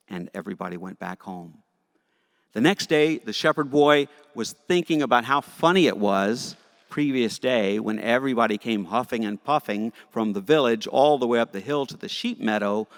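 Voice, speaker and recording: A man teaching Sunday school, telling a story to children in a playful, animated, jokey way, in a church with long reverb. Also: on the low side. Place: church sanctuary.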